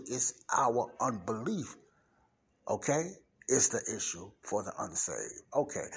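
A man's voice: mid-range voice, breathy edge. A man from Chicago with a Chicago accent, teaching the Bible on a podcast in an emphatic, repetitive preaching style. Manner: emphatic, repeats key points, punches up stressed words.

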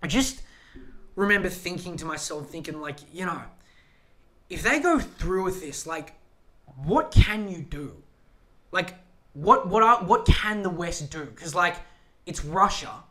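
Ranting man with a bright voice. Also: high voice, animated, measured pace, pauses often. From Australia. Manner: profane, rambling, emphatic. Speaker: podcast host. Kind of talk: solo podcast rant.

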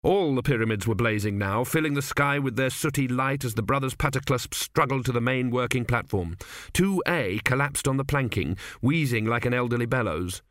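A man narrating a comic fantasy audiobook in a measured, wry reading. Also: medium pitch, a bit bright, no room sound, clean studio sound.

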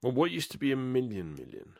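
A man's voice: mid-range voice, wildly swooping pitch, quick pace, vocal fry, dry recording, clean studio sound. A young man hosting a podcast, chatting casually, teasing his co-hosts and laughing easily. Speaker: podcast host. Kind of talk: casual chat.

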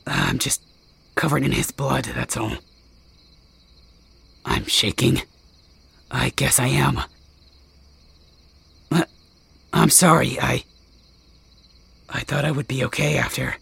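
A man voicing a brash, cursing young male werewolf in a fan audio drama, with a gravelly voice. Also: mid-range voice, fairly even intonation, unhurried, pauses often, fairly bright tone, dry recording, full character voice. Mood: bitter. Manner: brash, curses, snaps at people.

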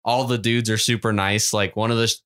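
A man's voice: on the low side, little pitch movement, a little fast, fairly bright tone, clean tone. A man co-hosting a podcast in a casual chat, rambling and swearing a lot as he tells stories and often laughs. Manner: profane, rambling storyteller who laughs often. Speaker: podcast co-host.

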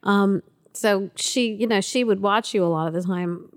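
A mother telling an old family story in a relaxed conversation, circling back with fillers and restarts as she goes. She has a middle-pitched voice, neither high nor low for a woman. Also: moderate pace. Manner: rambling, many fillers and restarts. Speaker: guest, the host's mother.

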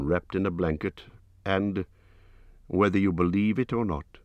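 A man reading an audiobook in a slow, measured narration. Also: low voice, no echo.

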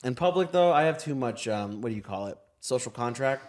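A man's voice: mid-range voice, expressive, a little fast. Casual, swearing man in his twenties. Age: 20s. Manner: loose and profane, full of filler words. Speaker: podcast guest. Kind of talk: casual chat.

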